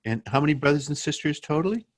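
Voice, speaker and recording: A man's voice: fairly high pitch, expressive, fast. A man interviewing for an oral history project, asking encouraging questions with hesitant restarts.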